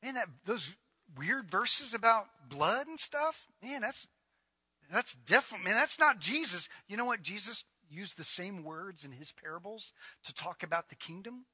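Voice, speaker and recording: A man's voice: high voice, lively intonation, normal speed, pushed and bright, breathy edge, no room sound. A middle-aged man preaching a sermon as pastor, emphatic and conversational, building points by repetition.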